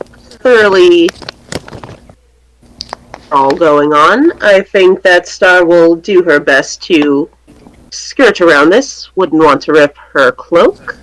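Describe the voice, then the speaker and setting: A woman's voice: on the low side, a little hiss or hum, rough recording. A woman speaking as her character in a tabletop game, with prim, genteel phrasing. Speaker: player. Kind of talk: in-character tabletop role-play.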